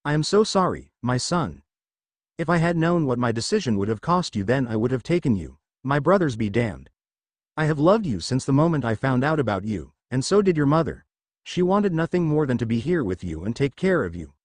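A man's voice: medium pitch, big pitch swings, a little fast, no room sound. A man reading as a tender, remorseful father god. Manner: soft, tender and apologetic. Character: grieving ancient male god, gentle loving father. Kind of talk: fan fiction story reading.

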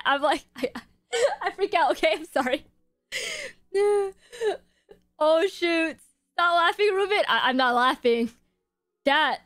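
A young woman streaming her game pulls, excitable, gasping and shrieking as she reacts to her chat. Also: high voice, no echo, clean studio sound. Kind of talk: live-stream gacha reactions.

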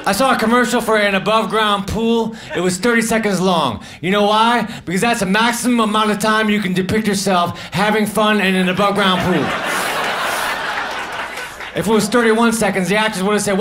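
On a club stage, a man performs a stand-up set into a handheld mic, briskly delivering deadpan, offhand one-liners and drifting into low, muttered asides. The live club recording catches audience noise and laughter.

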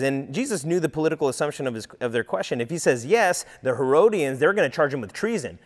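A man's voice: on the high side, lively intonation, fast talker, few pauses. A man teaching a casual, conversational sermon, acting out quoted voices, with many fillers. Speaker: preacher. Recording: long hall reverb.

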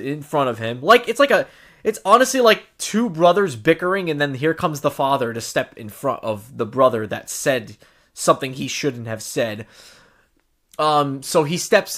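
A man's voice: fairly high pitch, fairly bright tone. A man hosting his own podcast, recapping events in a loose, rambling way with many restarts and casual swearing. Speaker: podcast host. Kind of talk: casual solo commentary.

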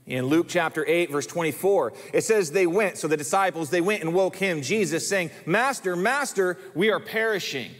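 A man's voice: a little high, normal speed, few pauses. A male pastor preaching a sermon in an emphatic way, often repeating words for stress. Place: church sanctuary. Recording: long reverb of a church hall.

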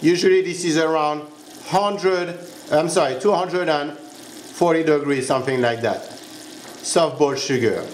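A man's voice: fairly high pitch, measured pace, roomy sound, slight background noise. A man with a French accent, a pastry chef giving a step-by-step cooking demonstration in a kitchen. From France. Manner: instructive, step-by-step, checks in with "huh?".

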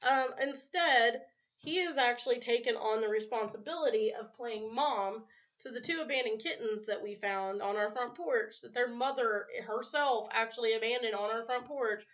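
A woman's voice: a little high, normal speed, fairly bright tone. A woman in her thirties chatting casually to her camera at home, rambling from one thing to the next and laughing often between words. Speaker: vlogger. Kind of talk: casual rambling vlog chat. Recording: dull lo-fi home recording.

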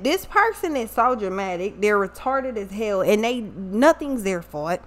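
A woman's voice: fairly high pitch, sing-song, a little slow, few pauses. Blunt, profane woman reading tarot. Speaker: tarot reader. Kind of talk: casual tarot reading vlog.

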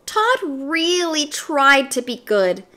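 A woman reading a children's storybook aloud in a gentle, expressive storytelling manner. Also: high-pitched, takes it slowly. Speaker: story reader.

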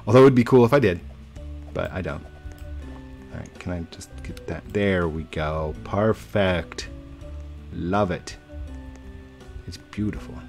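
A gaming YouTuber plays a building game and chats playfully with his viewers, laughing often. His voice is low and a bit mellow.

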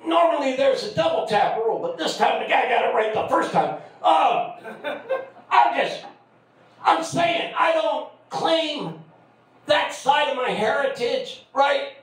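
A middle-aged man with a very high voice does a stand-up set at an open mic. He talks loudly and breaks into shouted, crude punchlines. The sound is a roomy club recording, heard from a distance. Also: animated, unhurried. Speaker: stand-up comic. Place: comedy club stage. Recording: echoey club, far from the mic.

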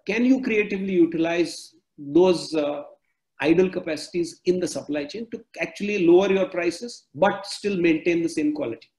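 A man speaking as a panelist in an online discussion, slow and measured, thinking aloud on a video call. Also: fairly high pitch, darkish tone, reverberant, low-quality recording.

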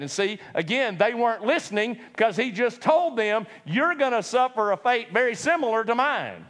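Animated, high-voiced preacher man. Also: moderate pace, long reverb tail. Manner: animated storytelling, acts out voices, laughs often. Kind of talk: sermon.

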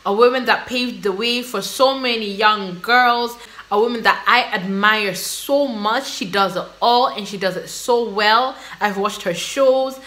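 Woman, reaction host, casual and gushing; bright, forceful tone. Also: medium pitch, a little slow. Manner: gushing, excitable, exclaiming and laughing.

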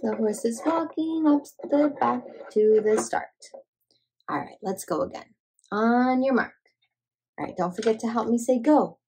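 A woman hosting children's toy play, talking to toddlers in a gentle, sing-song, encouraging way. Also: fairly high pitch, unhurried, husky. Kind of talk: playful narration to toddlers.

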